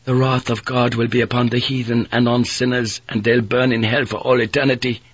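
A man's voice: medium pitch, flat delivery, a little fast, slightly rough, no room sound, lightly acted. A man voicing a pious young merchant adventurer who speaks in a confident, preacherly way. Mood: fervent.

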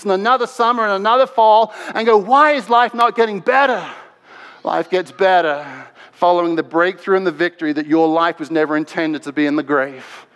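Male pastor, passionate sermon, bright high voice, long hall echo. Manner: impassioned, swings between loud and hushed. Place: large church sanctuary.

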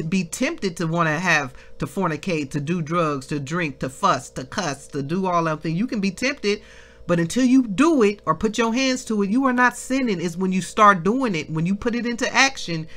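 A woman leading a devotional Bible lesson, reading scripture slowly and breaking into shouts of praise. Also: mid-range voice. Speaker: minister.

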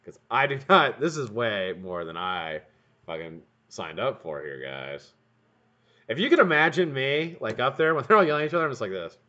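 A man streams live from a room at home, building vape coils at his bench in a rambling, profane way and cracking jokes to chat. He has a medium pitch, a sharp tone, and a very animated delivery at normal speed. Dull lo-fi stream audio.

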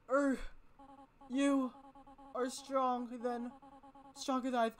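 A woman giving casual gameplay commentary, excitable and prone to loud exclamations. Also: sits high, takes it slowly, pauses often. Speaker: let's player.

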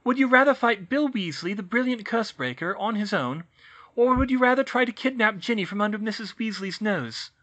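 A man voicing a bossy, clever teenage witch girl in an audiobook reading, insistent and brisk. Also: high voice, expressive, sharp tone, voice pushed up. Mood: alarmed. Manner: brisk, insistent, rises to shrieks. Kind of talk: audiobook reading of fan fiction.

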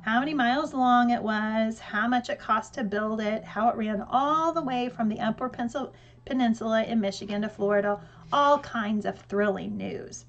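Woman narrating an audiobook, somewhat high voice. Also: normal speed, muffled recording.

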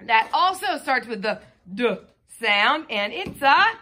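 A woman's voice: fairly high pitch, very animated, slow pace, bright, forceful tone. A woman teacher giving a phonics lesson to a child, patiently sounding out letter sounds.

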